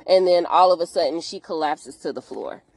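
A woman hosting a podcast, retelling a TV episode in a chatty, animated way full of slang and asides. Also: fairly low pitch, moderate pace, no echo. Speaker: podcast host. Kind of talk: casual episode recap.

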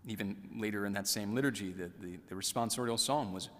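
A man preaching a sermon in an earnest, measured way, repeating scripture lines softly. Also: lowish voice, big-room sound. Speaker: priest.

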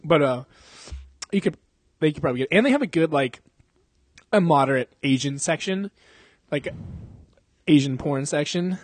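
A young podcast host chats casually, rambling, swearing and laughing often. His slightly high voice is expressive and husky, at a moderate pace with frequent pauses.

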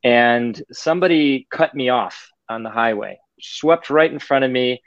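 A man's voice: mid-range voice, a little slow, no echo, lo-fi sound. A man on a podcast, talking casually and animatedly, acting out other people's voices as he explains his ideas. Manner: animated storyteller, acts out voices. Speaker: podcast guest.

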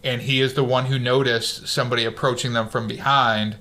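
A man's voice: mid-range voice, fairly quick. A man casually recapping a war movie on a podcast, acting out the characters' lines as he goes. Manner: animated storyteller, acts out quotes.

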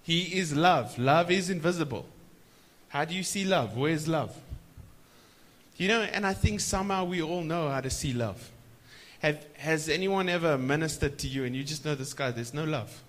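Man preaching, drawn-out emphatic words. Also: on the high side, a bit bright. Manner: stretches key words slowly for emphasis; prompts the audience to respond. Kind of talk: sermon. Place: church conference.

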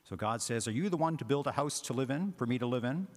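A man's voice: medium pitch, lively intonation, quick pace. A man, a parish priest, giving a conversational homily with frequent filler words. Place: church. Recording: long church reverb.

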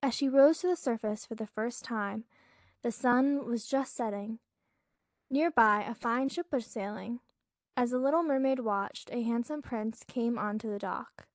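A woman, a podcast host, reading a fairytale aloud in a soft, hushed way, lifting her voice as each new scene begins. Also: fairly high pitch, unhurried, no room sound. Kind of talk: gentle storybook reading.

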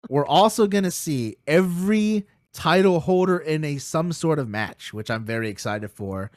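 A man co-hosting a casual wrestling podcast, telling stories excitedly, swearing freely and laughing as he goes. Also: on the high side, normal speed, no room sound, clean studio sound. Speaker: podcast co-host.

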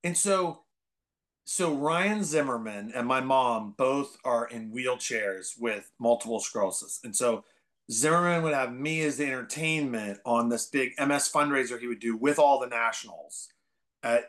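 A man from the Bay Area, a comedian guest, telling rambling stories full of fillers and bursting into loud, excited impressions. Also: medium pitch. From San Francisco Bay Area. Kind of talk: casual podcast storytelling.

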